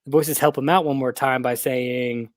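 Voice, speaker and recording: A man co-hosting a podcast, chatting casually and retelling film scenes with lively acted-out quotes. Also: medium pitch, normal speed, no room sound. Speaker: podcast co-host. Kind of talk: casual film recap chat.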